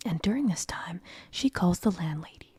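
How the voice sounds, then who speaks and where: A woman's voice: lowish voice, expressive, normal speed, dark tone, husky, dry recording. A young woman whispering through a long, rambling late-night story, with frequent restarts. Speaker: streamer.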